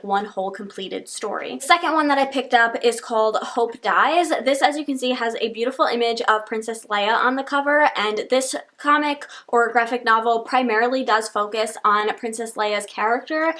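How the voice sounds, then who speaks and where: Chatty young woman, slightly high. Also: a little fast, sharp tone. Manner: chatty, rambling, many "like" fillers. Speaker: book reviewer. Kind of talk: casual monthly reading wrap-up.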